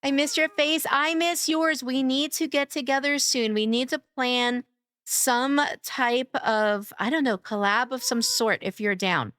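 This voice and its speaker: Young woman streamer, high, unhurried, cutesy and bubbly, dry close mic. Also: steady tone, a bit bright, smooth, no room sound. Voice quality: bubbly, cutesy baby talk. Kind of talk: casual live-stream chat.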